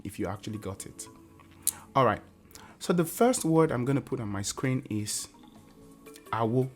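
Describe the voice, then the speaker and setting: A man's voice: medium pitch, darkish tone. A man hosting a casual online language lesson, patiently repeating example words and singing tone syllables. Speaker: language teacher and channel host.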